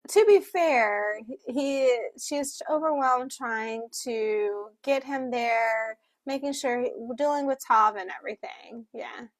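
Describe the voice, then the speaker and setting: Slow-talking woman with a dry close sound. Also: fairly high pitch, dry recording. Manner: speaks while signing, voicing for a signing co-host; halting, self-correcting storytelling. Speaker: book club co-host. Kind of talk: casual book discussion.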